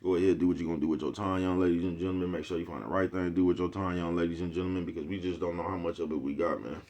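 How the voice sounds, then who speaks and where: A man's voice: low-pitched, steady tone, rapid-fire, darkish tone. A man hosting his own video channel, talking to his viewers in a loose, rambling monologue full of slang and swearing, chuckling often and coming back again and again to the same catchphrase. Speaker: YouTube host.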